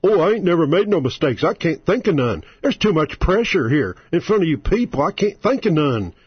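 A man's voice: fairly high pitch, big pitch swings, fairly quick, breathy edge, dry recording, lo-fi sound, exaggerated voice. A man doing a mocking impression of a folksy, bumbling male president, with a flustered, ungrammatical drawl.

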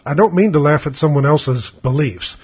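A man's voice: on the high side, moderate pace, breathy edge. An older man telling a rambling personal story in a blunt, sarcastic, casual way. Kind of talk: casual spoken monologue. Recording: dull lo-fi recording.

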